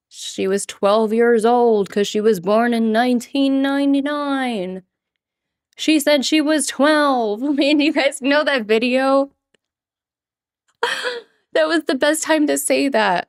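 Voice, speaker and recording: A giggly, chatty woman livestreaming to her viewers through a desk microphone. Her voice sits in a middle pitch, and she breaks off now and then to mimic a quoted line in a higher voice. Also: no room sound, clean studio sound. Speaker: streamer. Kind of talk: casual livestream chat.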